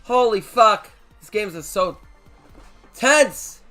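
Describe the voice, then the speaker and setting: A man streaming a card game live, reacting loudly, swearing and shouting at big plays. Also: sits high, slow. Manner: excitable, swears, shouts at wins. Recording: faint music behind.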